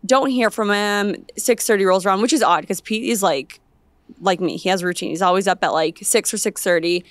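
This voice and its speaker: Young female podcast co-host, lively storyteller, dry close mic. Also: on the low side, fairly quick, dry recording. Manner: animated storytelling, acts out her own quoted lines. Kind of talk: casual chat.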